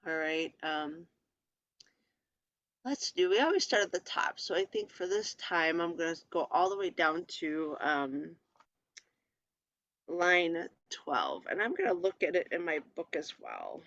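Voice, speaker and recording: A teacher giving an informal lesson on letters and vowels, pausing often with ums and reading lists of words aloud while sharing a screen. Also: mid-range voice, sing-song, fairly bright tone, dry recording, muffled recording. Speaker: Hebrew teacher. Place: presenting a lesson from a screen share.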